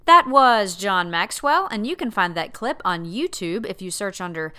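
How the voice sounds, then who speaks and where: A woman reads a closing announcement in a slow, deliberate way. Her voice is bright and smooth. She sounds a bit far from the mic. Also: medium pitch, lively intonation, a faint crowd. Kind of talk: outro announcement.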